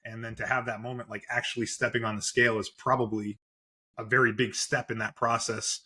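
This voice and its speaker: Man, podcast host, casual interview chat, even intonation, supportive. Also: mid-range voice, fairly quick, breathy edge. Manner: supportive, frequent backchannel.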